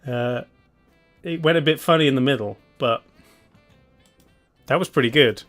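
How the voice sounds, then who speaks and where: A man's voice: mid-range voice, normal speed, fairly bright tone, soft background music. A man hosting a live stream in a casual, laid-back way. He chuckles often and hums idly between remarks. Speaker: streamer host.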